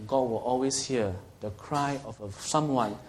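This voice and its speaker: In a sermon, a man teaches earnestly in a mid-range voice at a measured pace, asking his audience questions. He often checks understanding with "okay?", and a slight hiss or hum is audible.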